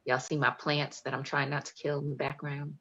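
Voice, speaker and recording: Low-voiced woman poet on a video call. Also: flat delivery, brisk, pushed and bright, breathy edge, dull audio. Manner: emphatic, playful and talkative. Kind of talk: poetry reading and chat.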